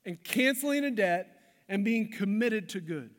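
High-voiced man preaching in a reverberant hall. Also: lively intonation, unhurried. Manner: emphatic, shifts between loud stresses and hushed lines. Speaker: pastor. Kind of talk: sermon. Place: church hall.

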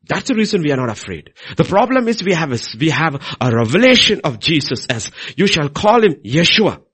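A middle-aged man preaching a sermon, swinging between loud emphasis and quiet asides. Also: a little high, breathy edge.

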